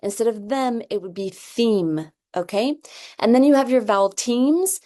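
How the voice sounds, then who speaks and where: A woman's voice: on the high side, brisk, mellow. A woman teaching reading, explaining a phonics assessment and sounding out example words one by one, often checking in with "okay?".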